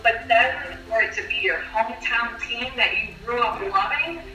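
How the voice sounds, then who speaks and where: Mom telling the big story all emotional, higher voice, echoey, mic kinda far. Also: female voice, moderate pace, bright, forceful tone. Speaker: mother of the player. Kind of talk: casual interview. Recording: roomy, off-mic sound.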